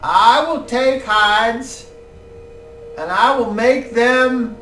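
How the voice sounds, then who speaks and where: A man's voice: very high voice, drawn-out words, sharp tone, voice pushed up, heavily acted. A man voicing a meek, stammering old male tanner who asks for odd favors. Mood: wheedling. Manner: pleading, stammering, easily frightened. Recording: roomy, distant mic, faint music.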